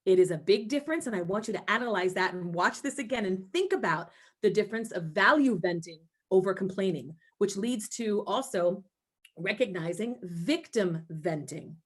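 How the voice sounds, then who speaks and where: A woman's voice: medium pitch, moderate pace, slightly rough. A woman presenting a webinar for teachers, talking emphatically and acting out what people might say, over a video call. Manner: emphatic, animated, acts out voices. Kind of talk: energetic webinar talk.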